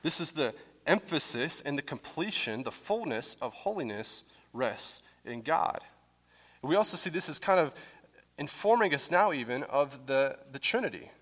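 A pastor teaching a conversational sermon in a church, explaining scripture with casual fillers. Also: male voice, a little high, lively intonation, normal speed, a bit bright, long reverb tail. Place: church sanctuary.

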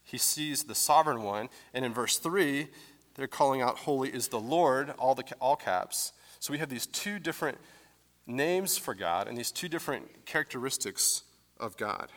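A pastor teaching a conversational sermon in a church, explaining scripture with casual fillers. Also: male voice, medium pitch, lively intonation, normal speed, a bit bright, long reverb tail. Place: church sanctuary.

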